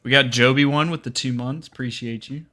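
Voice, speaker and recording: A man co-hosting a live stream, reading out donations with brisk shout-outs. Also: medium pitch, steady tone. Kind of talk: casual stream chat.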